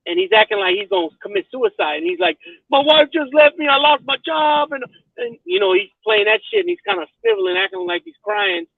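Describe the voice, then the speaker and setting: Over a dry, tinny phone connection with no echo, a man rambles in casual conversation. His very high voice has vocal fry and a slightly rough edge, and between swear words he keeps asking "you know what I mean."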